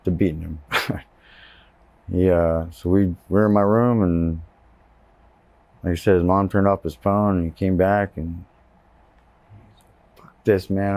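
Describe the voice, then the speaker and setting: A man's voice: low voice, unhurried, pauses often, darkish tone, dry recording. A man from Texas giving personal testimony in an interview, telling his story candidly and plainly.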